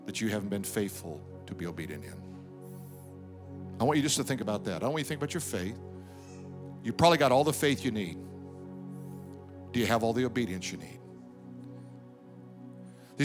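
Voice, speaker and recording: A man preaching a sermon as pastor, conversational, reading and acting out scripture, then dropping to quiet reflective tones. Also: mid-range voice.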